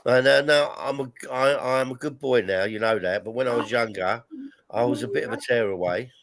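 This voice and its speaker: A man's voice: medium pitch, brisk, a bit bright. A man chatting casually about his younger days, laughing as he talks. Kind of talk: casual chat.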